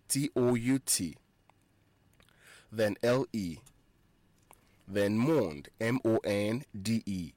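A man's voice: on the low side, a little mellow, no echo. Man teaching French on radio. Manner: spells words letter by letter, repeats phrases for listeners.

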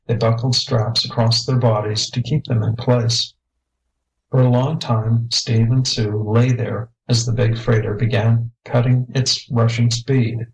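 A man's voice: mid-range voice, flat delivery, a little slow, low-quality recording. A man steadily reading a children's space adventure story aloud. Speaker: narrator.

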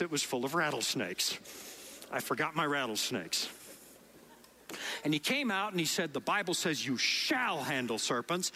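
A man's voice: on the high side, long reverb tail, a little hiss or hum. A middle-aged man with a Dutch accent preaching a sermon to a congregation, telling stories and acting out the quotes. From Netherlands. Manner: animated storytelling with acted quotes. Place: large hall before a congregation.

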